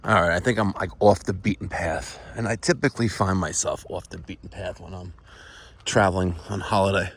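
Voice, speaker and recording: A man's voice: low-pitched, fairly even intonation, brisk. A middle-aged man vlogging casually while walking around a resort, chatting to viewers and sometimes dropping to a whisper. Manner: chatty, addresses viewers as folks, drops to a whisper at times. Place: outdoors at a resort with pools.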